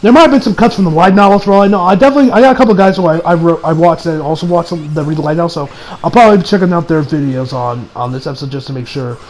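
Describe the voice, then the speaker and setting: Animated high-voiced man reviewing anime. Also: very fast, rough recording. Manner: animated, laughing and swearing, loud exasperated outbursts. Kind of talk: casual episode recap and review.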